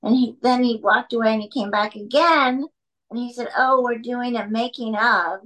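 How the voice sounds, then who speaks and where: A woman's voice: a little high, normal speed, fairly bright tone, poor audio. A middle-aged actress telling rambling anecdotes at home in a casual interview, stopping to talk to her cat.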